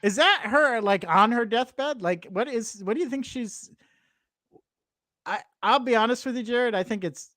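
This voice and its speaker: A man co-hosting a casual chat show, teasing his partner with quick interjections. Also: very high voice, bright, forceful tone, no echo. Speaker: podcast co-host. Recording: dry close sound.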